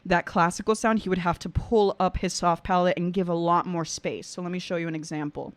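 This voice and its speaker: A woman's voice: lowish voice, steady tone, a little fast. A woman who is an opera singer and vocal coach, reacting to a performance in casual, effusive commentary and singing short examples.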